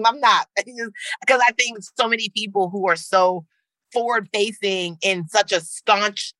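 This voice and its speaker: A young woman from Nigeria, a comedian and actor, chatting casually as an interview guest, animated and slangy, often laughing and leaping up in pitch. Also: moderate pace, no echo, low-quality recording.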